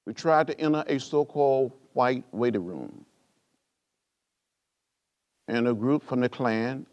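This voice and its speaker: An older man from rural Alabama, giving a measured, rhythmic speech with repeated phrases, like a preacher. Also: mid-range voice. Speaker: guest speaker at a library author event. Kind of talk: oratorical storytelling speech.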